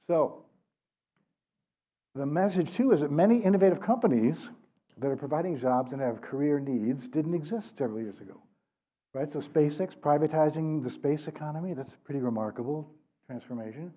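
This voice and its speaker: A man's voice: on the high side, expressive, normal speed, dark tone. An older man giving a public author talk at a library, conversational and often checking in with "right?", in a slightly dull recording. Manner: conversational, keeps asking "right?". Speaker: author and speaker. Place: library event room.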